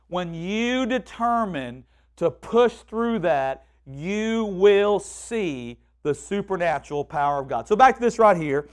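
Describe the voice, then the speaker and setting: A man's voice: high voice, slow, smooth. A man preaching a sermon in a conversational way, often repeating words and acting out what people say. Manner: conversational, repeats words and restarts, quotes people in lively voices.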